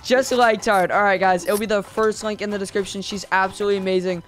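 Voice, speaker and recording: Excitable young man hosting a talent show. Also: sits high, quick pace, soft background music. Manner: enthusiastic, repeats exclamations, filler "like". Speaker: host and judge of a talent show. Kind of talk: excited gaming video commentary.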